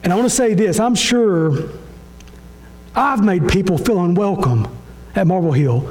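A pastor preaching a sermon with impassioned, repetitive phrasing that swings between soft low lines and raised high ones. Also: male voice, expressive, a little slow, long pauses, rough recording. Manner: impassioned, repetitive preaching with sudden drops and rises in pitch.

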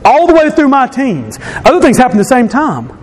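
A man's voice: very high voice, huge pitch swings, brisk, a little hiss or hum. A man telling his personal testimony in an earnest way, repeating phrases for emphasis. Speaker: speaker giving a testimony.

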